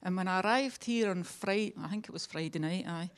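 A woman's voice: lowish voice, a little fast, smooth. Chatty Scottish woman giving testimony. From Scotland. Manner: humorous, chatty, self-mocking. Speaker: church member giving testimony. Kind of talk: personal testimony at a church meeting.

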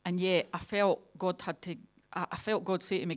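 A woman's voice: on the low side, steady tone, brisk. A woman with a Scottish accent giving a personal testimony at a church meeting, chatty and self-mocking with a humorous streak. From Scotland.

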